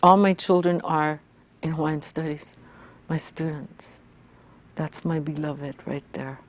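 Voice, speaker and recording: Low-voiced blunt older woman. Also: steady tone, measured pace, dry recording. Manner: blunt, fiery, emphatic. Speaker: interviewee, activist and scholar. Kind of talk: reflective interview talk.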